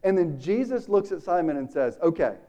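A man preaching a sermon, casual and animated, acting out the dialogue in the story. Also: sits high, brisk.

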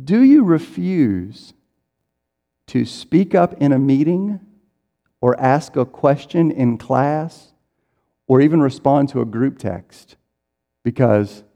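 A man's voice: medium pitch, animated, slow pace, long pauses, mellow, dull audio. A man preaching a sermon in a conversational way, acting out people's inner voices as he goes. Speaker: pastor. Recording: reverberant hall.

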